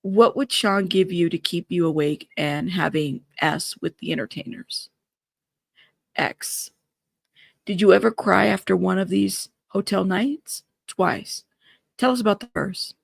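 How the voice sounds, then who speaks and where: A woman with a gravelly, creaky edge to her voice hosts a live news stream, reading court updates aloud. She breaks in with startled asides between the quotes. The sound is close and dry, with no room around it. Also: on the low side, measured pace, no echo.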